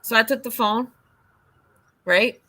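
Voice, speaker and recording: A woman hosting a casual livestream chat, telling a story with lively, acted-out dialogue. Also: a little high, slow pace. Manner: animated storyteller, acts out quoted dialogue. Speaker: livestream host.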